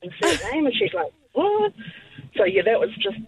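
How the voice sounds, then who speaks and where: A woman calling in to radio and telling a story with excitement. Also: medium pitch, fast, breathy edge, no echo. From New Zealand. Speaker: caller. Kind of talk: phone-in storytelling. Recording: tinny phone line.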